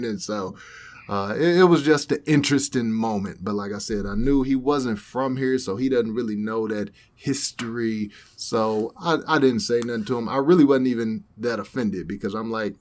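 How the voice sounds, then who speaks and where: A young man with a medium-pitched voice co-hosts a podcast, telling a story a little fast in relaxed conversation. He brings it to life by acting out each quoted person's voice.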